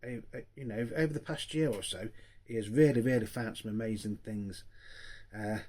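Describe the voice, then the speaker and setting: A man's voice: fairly low pitch, moderate pace, warm tone. An older man, talking casually to viewers in a vlog, emotional and grateful, repeating his thanks with many fillers. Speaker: vinyl collector vlogger.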